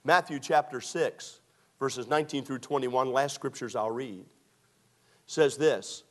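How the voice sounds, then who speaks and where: A preacher in his sixties delivers a sermon, his voice sitting at an ordinary middle pitch. He reads scripture with emphasis and slips into homespun stories. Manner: lively preaching, reads scripture aloud, folksy storytelling.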